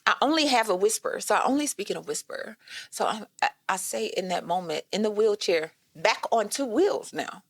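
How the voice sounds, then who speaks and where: Animated woman telling her story. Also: medium pitch, normal speed, gravelly, no room sound, studio quality. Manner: animated storytelling, addresses listeners as "y'all" and "girl". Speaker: guest. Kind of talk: personal storytelling in a podcast conversation.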